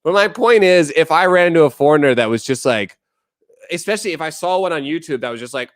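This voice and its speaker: A man's voice: on the high side, lively intonation, quick pace, dry recording, clean studio sound. Blunt, foul-mouthed male streamer. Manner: blunt, profane, opinionated ranting; answers chat messages aloud. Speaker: live streamer. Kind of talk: casual live-stream chat.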